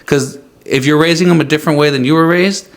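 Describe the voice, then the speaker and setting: A man's voice: fast, creaky. A young man guesting on a podcast, talking casually with lots of "like" and acting out what other people say. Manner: loose and filler-heavy, acts out voices of others with big jumps in pitch. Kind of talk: casual chat.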